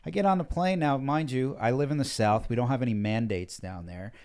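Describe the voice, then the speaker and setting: Fast-talking animated male storyteller. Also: mid-range voice. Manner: fast, emphatic, sarcastic. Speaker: guest.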